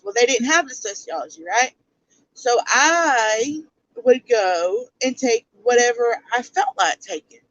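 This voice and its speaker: Woman, stream host; unhurried delivery, lively pitch, calls things out bluntly. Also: no room sound, highs cut off. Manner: blunt, rhetorical questions to viewers. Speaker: livestream commentary host. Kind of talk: casual livestream commentary.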